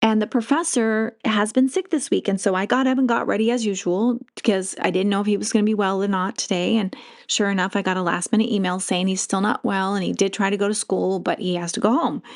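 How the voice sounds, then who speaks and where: A woman hosting a casual spiritual podcast monologue. She talks in a chatty, meandering way, laughs often, and gets animated as she retells stories. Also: medium pitch, fairly quick. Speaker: podcast host.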